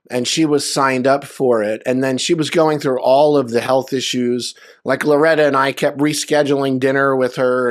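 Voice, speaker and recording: A man's voice: medium pitch, no echo, clean studio sound. A man sharing loose, conversational anecdotes at a memorial over a video call, with lots of fillers. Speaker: memorial speaker. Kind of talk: storytelling at a memorial.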